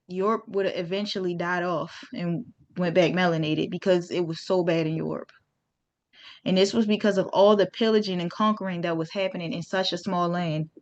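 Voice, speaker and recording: A woman's voice: mid-range voice, highs cut off. A woman hosting a casual history talk for her viewers, informal and chatty, with slang and restarts. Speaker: host.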